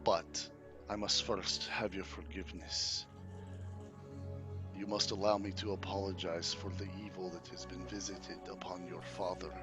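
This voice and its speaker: A man voicing a smooth-talking undead vampire count who pleads in a courtly, hushed way, with music underneath. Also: low-pitched, level tone, unhurried.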